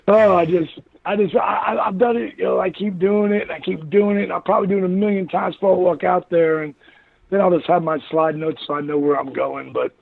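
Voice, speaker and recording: A man who is an interview guest, telling rambling, animated stories in casual chat and laughing often. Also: sits high, brisk, gravelly, no room sound. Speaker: interview guest, former wrestler. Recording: tinny phone-line sound.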